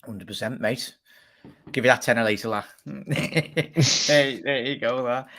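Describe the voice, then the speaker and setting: A young man in his twenties hosts a casual livestream chat. He rambles loosely, laughs often and greets viewers by name. His voice sits at an ordinary male pitch. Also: fairly even intonation, a little fast, a bit bright. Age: 20s. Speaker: livestream host.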